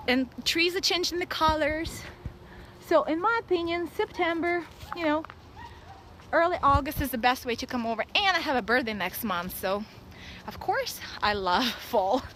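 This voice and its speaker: Russian-accented woman in her 30s, high and bright, outdoor phone vlog, faint background noise. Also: rough recording. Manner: blunt, excitable, laughs often. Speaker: vlogger. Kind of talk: casual live vlog. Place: outdoors at a dog park.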